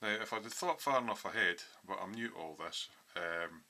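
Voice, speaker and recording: A man's voice: fairly low pitch, animated, normal speed, pushed and bright. A man in a home hobby workshop, casually walking through his model build with lots of ums as he explains his thinking.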